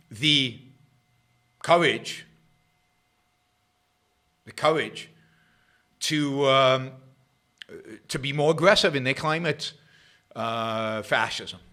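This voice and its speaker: A middle-aged man hosting a political talk livestream, sarcastic and rambling, jumping between loud emphasis and quiet muttered asides. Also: on the high side, animated, slow, long pauses. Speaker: host of a political talk show. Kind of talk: livestream commentary.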